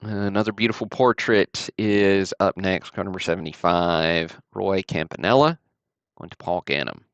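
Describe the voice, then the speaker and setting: Deep gravelly man, livestream host. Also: moderate pace, dry recording, dull audio. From Alabama. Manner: easygoing, chatty running commentary. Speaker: host of a card-break livestream. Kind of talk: casual livestream commentary.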